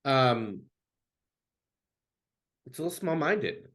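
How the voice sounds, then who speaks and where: A man who coaches queer youth, talking earnestly as an interview guest, halting and restarting often. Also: mid-range voice, sing-song, fairly bright tone.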